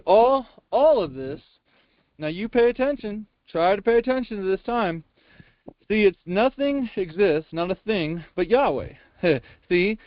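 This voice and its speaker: High-pitched male reader, emphatic and folksy, reading a sermon transcript over a muffled, dry call line. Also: no echo. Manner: emphatic, with frequent rhetorical questions; folksy double negatives. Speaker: Bible class reader.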